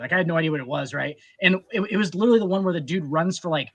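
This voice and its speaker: A man in casual podcast banter, spinning loose, profane anecdotes packed with "like" and restarts. His voice is fairly high and bright, with a sharp edge. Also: racing. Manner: loose, profane, storytelling with filler "like". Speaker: podcast co-host. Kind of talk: casual chat.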